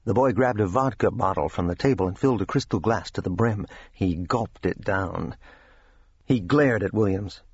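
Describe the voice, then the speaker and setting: Male audiobook narrator, measured even reading, low husky voice, dry studio. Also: no room sound, highs cut off. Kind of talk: scripted narration. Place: recording studio.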